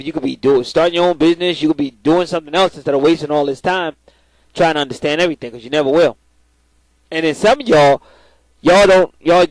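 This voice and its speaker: Speaking at a fairly high pitch, a man addresses the camera casually with spiritual advice delivered in a blunt, swearing, preachy manner, frequently repeating words as he begins. The recording sounds dry, with poor audio.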